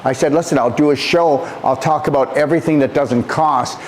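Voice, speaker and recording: A man, a natural health practitioner, delivering an impassioned motivational monologue, emphatic and preachy, repeating phrases and swinging his pitch up and down. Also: a little fast, a little hiss or hum.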